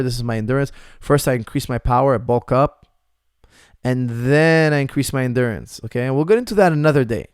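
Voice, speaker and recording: A man's voice: mid-range voice, dry recording, clean studio sound. A man, an MMA coach, answering viewer questions in a casual live chat, repeating points for emphasis.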